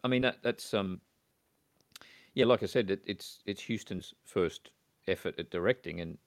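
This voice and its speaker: Casual male film-chat host, low voice, halting and chatty, dry close sound. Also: no room sound. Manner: hesitant, many fillers and restarts, chatty.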